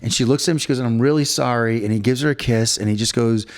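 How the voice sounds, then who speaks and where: A man's voice: medium pitch, quick pace. A middle-aged man co-hosting a casual podcast chat, rambling through a story and acting out what others said. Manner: rambling storyteller, acts out quotes. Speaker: podcast co-host. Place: hotel room.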